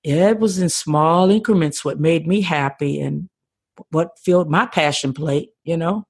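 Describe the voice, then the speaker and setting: Her voice sits low, husky and a little mellow, and she takes her time. She's an older woman guesting on a podcast via remote call, passionately telling her story with frequent restarts in a conversational interview.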